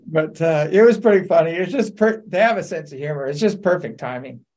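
A man telling lively anecdotes on a talk radio show, laughing and acting out quotes. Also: a little high, husky. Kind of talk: casual storytelling on talk radio.

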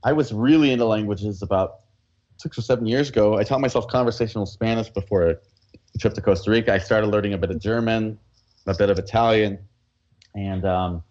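A man who works as a coach, chatting as a guest in a relaxed, easygoing way with frequent fillers and laughs. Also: fairly low pitch, a little fast, highs cut off. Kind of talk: casual interview chat.

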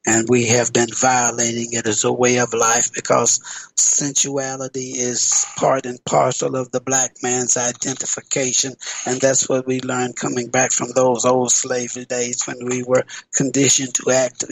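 Male radio teacher, earnest and deliberate, average pitch, dry studio sound, leans on repetition. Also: completely flat delivery, creaky, no room sound, poor audio. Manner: earnest, emphatic, repeats key phrases; measured delivery with hesitant fillers.

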